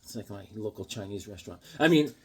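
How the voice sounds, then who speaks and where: A man hosting a comedic unboxing vlog, rambling through jokes and stories with animated outbursts. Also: on the low side, fast talker, a little hiss or hum. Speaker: comic book vlogger.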